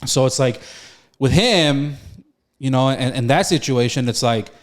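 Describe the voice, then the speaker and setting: Young male podcast co-host, mid-pitched, rambling and heartfelt, casual slangy talk. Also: unhurried. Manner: rambling, emotional, lots of restarts and slang. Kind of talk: casual chat.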